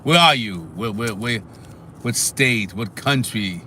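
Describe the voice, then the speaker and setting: A man hosts a casual live stream and talks back to his viewers' messages in an animated way. His voice is bright and forceful at a middle pitch. Faint noise sits in the background. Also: slow pace. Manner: animated, talks back to chat, sings snatches.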